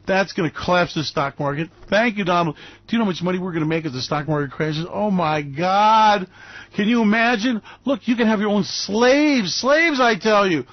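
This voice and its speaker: Sarcastic radio host guy, fairly high voice, hamming it up, dry dull sound. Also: moderate pace, no room sound. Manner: sarcastic, mock-gushing, theatrical.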